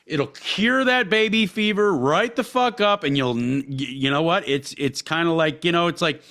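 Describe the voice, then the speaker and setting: This fairly high-pitched man speaks at normal speed with a sharp tone. Co-hosting a podcast, he rambles crudely through casual banter, swearing often and restarting his sentences.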